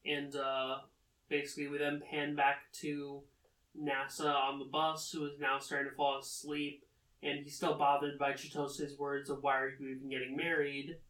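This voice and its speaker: A man's voice: fairly high pitch, completely flat delivery, sharp tone. Rambling man with lots of fillers. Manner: rambling, many filler pauses. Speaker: anime recap host. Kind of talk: casual plot recap. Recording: roomy, distant from the mic.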